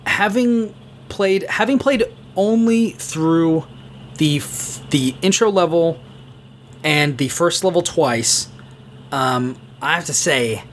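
A man's voice: on the high side, slow, a little hiss or hum. Eager rambling man on a podcast. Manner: enthusiastic, rambling, heavy on fillers. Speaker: podcast co-host. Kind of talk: casual gaming podcast chat.

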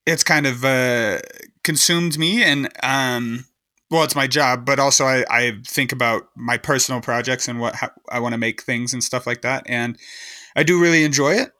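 A man's voice: mid-range voice, moderate pace, no echo, studio quality. A man co-hosting a casual podcast, chatting loosely and swearing freely. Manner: relaxed, swearing freely, chiming in. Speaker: podcast co-host. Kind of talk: casual chat.

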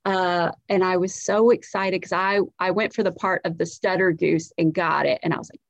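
On the low side and gravelly, this woman's voice holds a fairly even intonation at a moderate pace, with few pauses and no echo. A South Carolina comedian with a light Southern accent, she's a podcast guest telling stories casually, cursing freely, and often saying "like" and restarting sentences.

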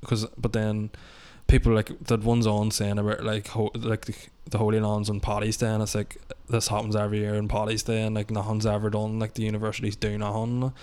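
A man's voice: fairly low pitch, monotone, brisk, few pauses, darkish tone, clean tone. A young man, chatting casually and rambling, with lots of "like" fillers. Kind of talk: casual podcast chat.

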